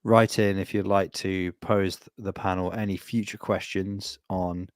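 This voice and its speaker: Man, podcast co-host, wry teasing, lower voice, dry recording. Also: little pitch movement, measured pace, no room sound. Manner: wry, mock-formal segues. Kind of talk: casual podcast chat.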